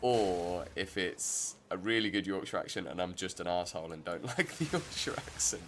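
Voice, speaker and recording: A man's voice: sits low, animated, moderate pace, hardly any pauses, slight background noise. A man giving rambling, chatty commentary while streaming a game. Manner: rambling, self-interrupting, chatty. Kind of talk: casual gameplay commentary.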